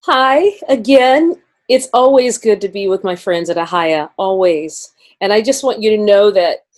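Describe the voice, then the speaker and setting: A woman's voice: lowish voice, a little mellow. A woman musician greeting a congregation in a friendly, affectionate way before a song.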